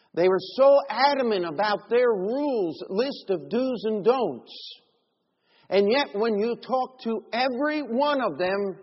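A man preaching a sermon as pastor, swinging between loud emphatic bursts and quiet low asides. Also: slightly rough. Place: church sanctuary. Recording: lo-fi church audio with long reverb.

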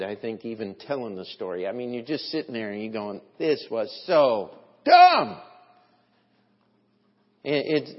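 A man preaching a sermon as pastor, slow and deliberate, with emphatic swells in his delivery. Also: mid-range voice. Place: church sanctuary. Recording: dull, lo-fi, long hall reverb.

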